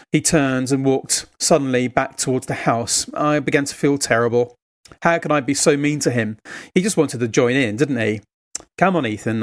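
A man preaching a sermon, telling a family story in a conversational, earnest way. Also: medium pitch. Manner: earnest, exhortative.

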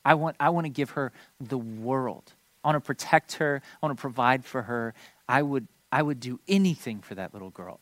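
Guy pastor in his 30s telling a story from the pulpit, kinda high voice, super dry mic. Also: no room sound. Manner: animated storytelling with playful asides to the congregation. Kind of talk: sermon.

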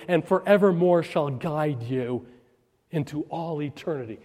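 Preacher proclaiming in a reverberant sanctuary. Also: male voice, on the high side, unhurried. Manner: dramatic swings from loud proclamation to hushed prayer. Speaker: pastor. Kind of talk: Easter sermon and closing prayer. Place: church sanctuary. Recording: long reverb of a large sanctuary.

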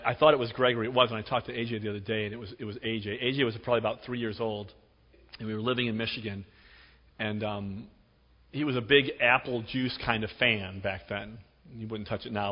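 Man preaching in an echoing hall. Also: mid-range voice. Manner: storytelling, emphatic, with dramatic drops to a hush. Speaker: pastor. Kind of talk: sermon. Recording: dull recording with long hall reverb.

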